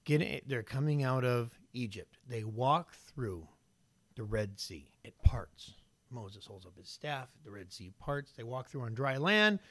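A man preaching a casual sermon, telling Bible stories in an animated way with casual slang. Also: medium pitch, measured pace, dry recording.

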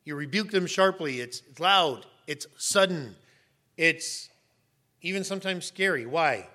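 A middle-aged man preaching a sermon as a pastor, emphatic and sometimes rising to sharp raised shouts. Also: on the high side, animated, a little slow.

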